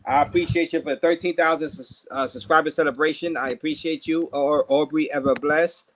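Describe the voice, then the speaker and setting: A man's voice: fairly high pitch, steady tone, fairly quick, a little hiss or hum. A man hosting a casual livestream, thanking viewers and stumbling over repeated words while he drinks. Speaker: livestream host.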